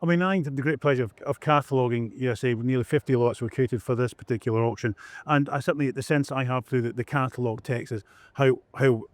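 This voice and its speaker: A man's voice: medium pitch, fast, no echo. A man interviewing a guest, asking rambling, loosely phrased questions. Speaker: interviewer, auction cataloguer. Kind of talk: conversational interview.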